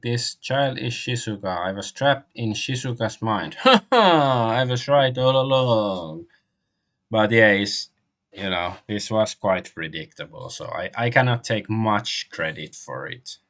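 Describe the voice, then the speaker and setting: A man streaming a game, translating the on-screen text aloud as he goes, with frequent pauses and restarts. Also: on the low side, fairly bright tone. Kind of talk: live game stream commentary.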